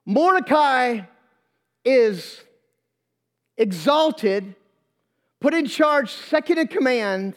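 High-voiced preacher retelling a story with humor. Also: male voice, drawn-out words, pauses often. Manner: lively, humorous, slangy retelling. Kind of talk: storytelling sermon. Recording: long hall reverb.

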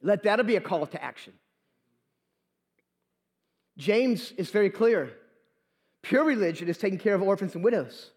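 A man preaching a Sunday sermon in church, repeating phrases for emphasis and restarting words as he goes. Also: sits high. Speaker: pastor. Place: church during a live Sunday service. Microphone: handheld or stand microphone.

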